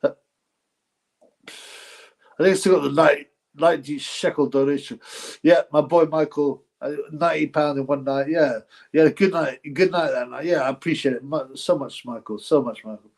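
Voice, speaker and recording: A man's voice: fairly high pitch, moderate pace, vocal fry, a little mellow. Rambling man on a live stream. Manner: rambling, repeats phrases, effusively thanks donors. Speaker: livestream host reading donations. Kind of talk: casual live-stream chat.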